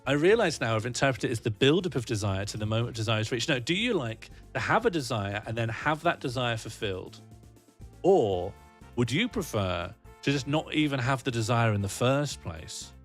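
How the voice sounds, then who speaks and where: A man's voice: mid-range voice, lively intonation, moderate pace, faint music behind. A man rambling and joking on a casual livestream, answering his chat and laughing often.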